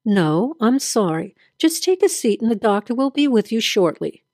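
A woman's voice: on the high side, big pitch swings, moderate pace, a little mellow, no echo. Woman reading a detached, by-the-book hospital receptionist for an audio drama; dry sound. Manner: detached, procedural. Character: adult woman hospital receptionist, cool and procedural.

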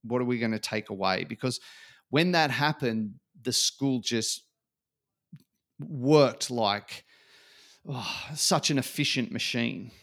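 Animated man telling stories. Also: medium pitch, slow, long pauses. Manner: animated storyteller acting out quotes. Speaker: guest. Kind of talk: casual podcast conversation.

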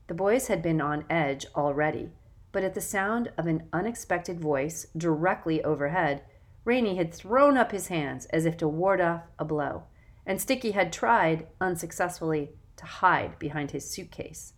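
A woman narrating a children's novel in a measured, expressive way. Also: lowish voice. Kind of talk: audiobook narration.

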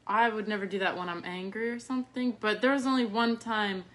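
A young woman chatting casually, jumping in with quick quips and her own stories. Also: medium pitch, steady tone, fairly bright tone. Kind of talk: casual chat.

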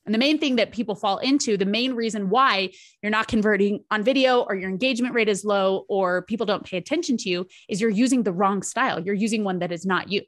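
A woman coach explaining her framework in a podcast interview, lively and dramatic. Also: medium pitch, quick pace, hardly any pauses. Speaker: charisma coach.

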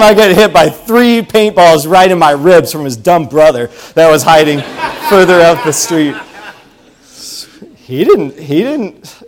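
A preacher with a somewhat high voice delivers a sermon. He tells a personal story with lively energy and swings from booming calls to quiet, confiding asides. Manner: animated storytelling, swings between loud calls and hushed asides.

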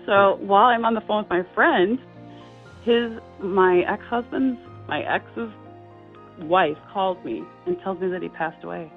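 A middle-aged woman tells a personal story with earnest feeling, her voice jumping higher whenever she acts out what others said. She speaks at a medium pitch. The sound is thin and tinny, as if it came down a phone line, with faint music underneath. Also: measured pace. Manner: earnest, lively quoting of dialogue with high acted voices. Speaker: guest sharing a story.

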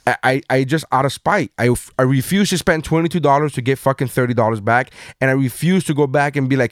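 A man's voice: medium pitch, fast, hardly any pauses, no room sound. Profane storytelling man, dry mic. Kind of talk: casual chat.

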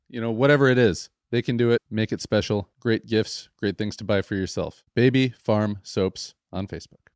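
A man's voice: lowish voice, normal speed, few pauses, no room sound, clean studio sound. A man hosting a podcast, introducing the episode and reading sponsor ads in an enthusiastic, chatty way. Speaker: podcast host.

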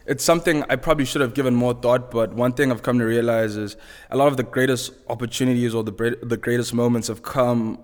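A man's voice: mid-range voice, steady tone, fast, long reverb tail. A young man from Zimbabwe, a podcast guest telling a story in a casual, chatty way, laughing often. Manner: laid-back, laughs often, chatty slang.

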